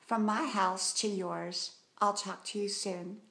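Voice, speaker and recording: A woman's voice: mid-range voice, steady tone, slow pace, gravelly, a bit bright. A middle-aged woman vlogging from home in a casual, encouraging talk to camera. She is chatty and sometimes drops to a whisper.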